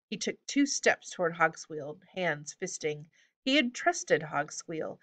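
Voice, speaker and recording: Bright-voiced woman narrating a storybook. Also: deep voice, a little slow. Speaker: audiobook reader.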